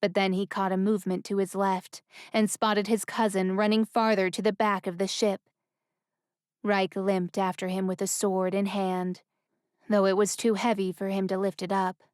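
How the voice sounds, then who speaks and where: A woman narrates a fantasy novel at a steady, even pace. Her voice is smooth and resonant at a middle pitch. The recording is dry and close, with no room sound. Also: normal speed, no echo. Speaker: audiobook narrator. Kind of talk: scripted narration.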